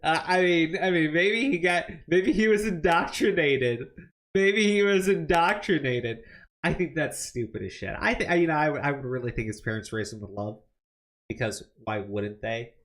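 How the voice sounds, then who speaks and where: A man's voice: medium pitch, expressive, a little fast, fairly bright tone. A man hosting a political commentary show, reacting to clips and news with angry, profanity-laced rants.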